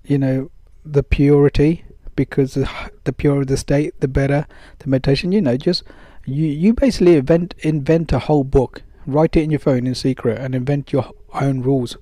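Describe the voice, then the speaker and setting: Man chatting advice, dark mellow voice, dry close sound, lots of um and you know. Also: mid-range voice, steady tone, normal speed, hardly any pauses, dry recording. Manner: conversational, acts out dialogues, many fillers. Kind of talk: casual advice monologue.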